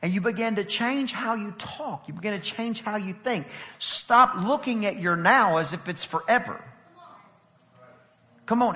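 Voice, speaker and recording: A man preaching a sermon as pastor, moving from conversational talk to fervent shouting. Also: high voice, long reverb tail. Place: church.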